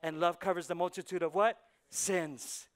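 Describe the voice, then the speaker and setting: A male pastor preaching a sermon, moving between hushed, intense passages and loud, driving preaching, and slipping Spanish words into his English. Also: high-pitched, steady tone, normal speed. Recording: church sermon on a live mic.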